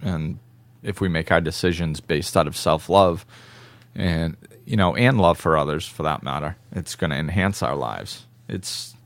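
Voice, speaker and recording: A man from northern Massachusetts with a softened New England accent, hosting a casual podcast, relaxed and reflective and quick to laugh. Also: very deep voice, no echo. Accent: New England, mostly softened. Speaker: podcast host.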